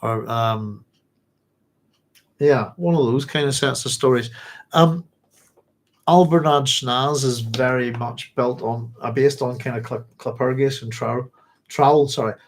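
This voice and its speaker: A man's voice: medium pitch, unhurried, pauses often, low-quality recording. Rambling man hosting a book club. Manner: rambling, self-correcting, laughs often. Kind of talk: casual book talk.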